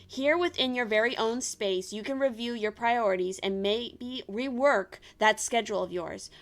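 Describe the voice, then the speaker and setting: A woman's voice: on the high side, normal speed. Young woman reading tarot cards aloud. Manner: reads card meanings aloud with chatty asides. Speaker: tarot reader. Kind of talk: casual tarot reading for viewers.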